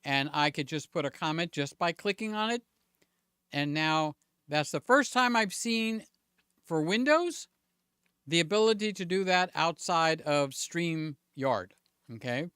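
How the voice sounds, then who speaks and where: Unhurried and self-deprecating, a livestream host chats from a multi-camera home studio, thinking aloud and repeatedly checking on his audience. He has a fairly high, sharp and resonant voice with lively intonation, captured clearly in a dry recording.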